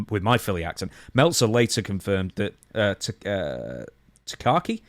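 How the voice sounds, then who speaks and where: A man's voice: on the low side, sing-song, normal speed, no echo. A man co-hosting a podcast, reading news quotes aloud and then commenting on them conversationally. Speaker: podcast co-host.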